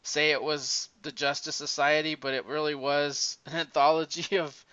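A man in casual chat, retelling a comic story in a rambling, animated way, with many restarts. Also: on the high side, normal speed, clear, resonant tone, dry recording. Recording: dull lo-fi recording.

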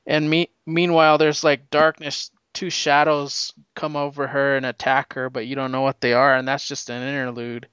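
A man recapping a comic issue in a casual, excited, rambling way, with lots of fillers. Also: fairly high pitch, smooth, dry recording, lo-fi sound. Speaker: comic book reviewer.

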